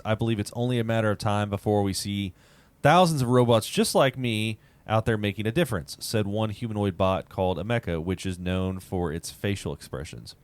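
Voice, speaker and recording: Low-voiced man co-hosting casual chat. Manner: reads news aloud with stumbles and restarts. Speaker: podcast co-host.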